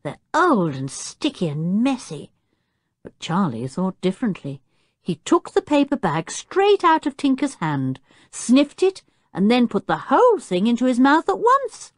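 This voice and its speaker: A woman narrating a children's audiobook, telling the story clearly and expressively while doing the characters' voices. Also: sits high, wildly swooping pitch, normal speed, no room sound, studio quality.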